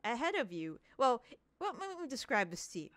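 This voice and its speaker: A woman running a tabletop game as game master, narrating with hesitant pauses and fillers. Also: on the high side, very animated, a bit bright, no echo.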